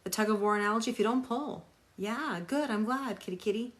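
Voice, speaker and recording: A woman's voice: fairly high pitch, fairly quick. A woman tarot reader on a live stream, talking emphatically, repeating phrases for stress and greeting viewers by name.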